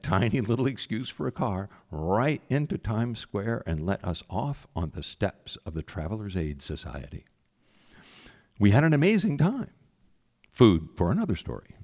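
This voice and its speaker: Man, low voice, lively intonation, telling a personal story, conversational. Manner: conversational, animated.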